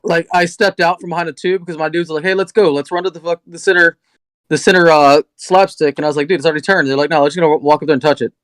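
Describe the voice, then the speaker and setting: Rapid-fire storytelling man. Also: fairly high pitch, level tone, a bit bright, dry recording. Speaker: podcast panelist. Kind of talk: casual chat.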